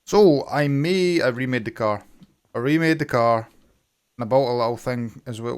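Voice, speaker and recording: A young Scottish man hosting his own gaming channel, chatting excitedly as he plays. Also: mid-range voice, normal speed, clear, resonant tone. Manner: excitable, enthusiastic. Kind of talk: casual gameplay commentary.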